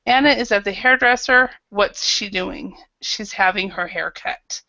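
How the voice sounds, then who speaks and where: A woman's voice: medium pitch, unhurried, gravelly, pushed and bright, no echo, lo-fi sound. A woman teaching an online English grammar class, patiently calling on students by name and correcting their answers.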